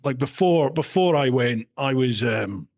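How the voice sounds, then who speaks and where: A man's voice: medium pitch, lively intonation, a little slow, creaky, a little mellow. A middle-aged Scottish man hosting a podcast, telling stories with animation and speaking in an earnest, encouraging way. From Scotland. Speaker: podcast host. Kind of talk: conversational interview.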